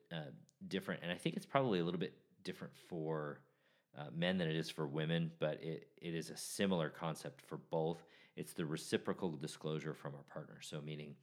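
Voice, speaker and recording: Low-pitched man, forties, podcast host, easygoing and chatty with restarts. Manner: casual, joking, restarts often. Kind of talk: solo podcast talk.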